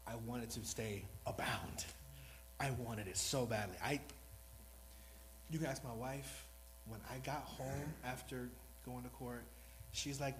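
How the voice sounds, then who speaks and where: A man's voice: mid-range voice, a little slow, slight background noise, poor audio. A man preaching a sermon in an earnest, rambling, self-deprecating way, new to speaking before this congregation. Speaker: lay preacher.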